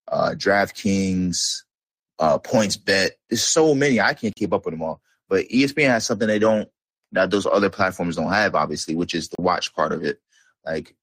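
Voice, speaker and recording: Deep-voiced young man in loose sports talk. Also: no room sound. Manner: loose, rambling, slangy with frequent fillers. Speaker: podcast co-host. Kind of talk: casual sports chat.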